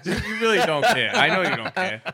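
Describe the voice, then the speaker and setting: Rambling young man with a bright voice. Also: on the high side, very animated, fairly quick. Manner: rambling, full of fillers and self-mocking stories. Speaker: guest. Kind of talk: casual podcast chat.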